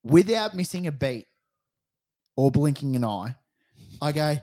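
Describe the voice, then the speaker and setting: Lively Australian man telling a story. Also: on the high side, a little slow, no room sound, clean studio sound. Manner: laughing, lively storytelling with slang. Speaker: podcast co-host. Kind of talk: casual banter, telling an anecdote.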